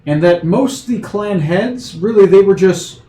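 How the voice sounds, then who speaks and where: Game master, slightly high voice, roomy echo. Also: male voice, measured pace, warm tone. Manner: loose, rambling explanations with frequent fillers. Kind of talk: running a tabletop game over a video call.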